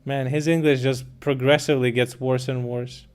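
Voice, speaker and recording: A man's voice: mid-range voice, flat delivery, normal speed, darkish tone, clear, resonant tone, soft background music. A man streaming live, answering chat comments in a blunt, mocking, incredulous way with plenty of swearing.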